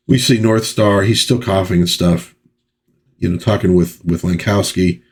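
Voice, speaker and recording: A man's voice: low-pitched, steady tone, moderate pace, husky. A man hosting a casual comic book review, chatting in a loose, rambling way with fillers and reading panel dialogue aloud. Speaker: pop culture channel host.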